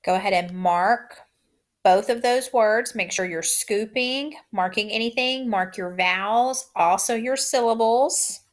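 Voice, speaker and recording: A woman teacher giving a recorded phonics lesson, saying each word twice in slow, drawn-out dictation. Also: a little high.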